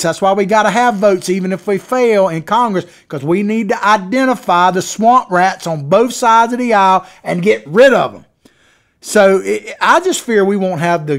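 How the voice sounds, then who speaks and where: A man hosting a political talk show, delivering opinionated commentary in a folksy, sarcastic way. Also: sits high. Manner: folksy, sarcastic, mocking impressions.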